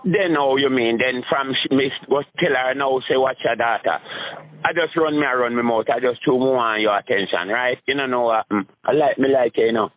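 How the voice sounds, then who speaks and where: A man with a Jamaican accent telling rambling comic stories, jumping into high voices when he acts out scenes. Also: brisk. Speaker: street comedian. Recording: tinny phone-like sound.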